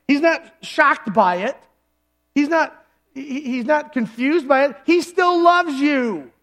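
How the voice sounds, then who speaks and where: Pastor, male, very high-pitched, conversational sermon delivery in church. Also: a bit bright. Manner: conversational preaching, acts out quoted voices. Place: church service.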